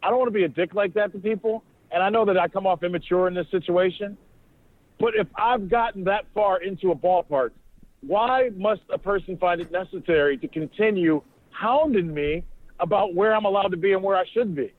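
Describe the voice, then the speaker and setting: A man co-hosting a podcast, telling a long story in casual chat, animated and swearing freely as he acts out what people said. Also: high voice, brisk, no room sound. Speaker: podcast co-host, sports reporter. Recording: dry, phone-like sound.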